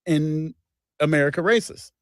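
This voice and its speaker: Hesitant co-host with a light voice. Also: male voice, fairly high pitch, a little slow, fairly bright tone, no echo, studio quality. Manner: hesitant, lots of likes and ums, chuckles. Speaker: radio show co-host. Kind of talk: casual sports radio banter.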